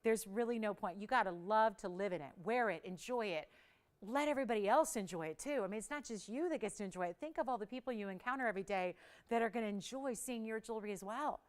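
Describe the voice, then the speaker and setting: A woman's voice: medium pitch, quick pace. A woman hosting a live TV jewelry shopping show, counting prices down in an upbeat, persuasive sales patter.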